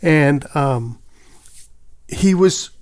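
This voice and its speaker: A man with a fairly high voice who co-hosts a casual podcast and tells stories easily, acting out what others said. The sound is dry and close. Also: drawn-out words, no room sound. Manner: relaxed storyteller who mimics others' voices. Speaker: podcast co-host.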